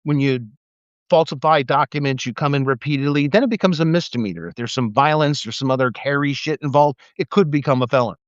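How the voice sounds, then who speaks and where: A man's voice: medium pitch, fast, no room sound, muffled recording. A man, a former police officer, telling stories and ranting in a casual livestream monologue, acting out quoted voices and swearing often. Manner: animated, acts out quoted voices, profane, laughs. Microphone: livestream mic.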